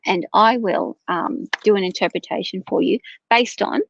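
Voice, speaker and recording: A woman's voice: mid-range voice, normal speed, no room sound. Tired lady doing a live tarot stream, rambly and chatty, dull dry lo-fi sound. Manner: chatty, rambling, self-correcting. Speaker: tarot reader.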